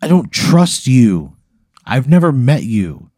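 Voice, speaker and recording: A man's voice: mid-range voice, sing-song, slow, warm tone, no room sound, studio quality. A man co-hosting a comedy podcast, answering a hypothetical in crass, exasperated banter with a lot of swearing.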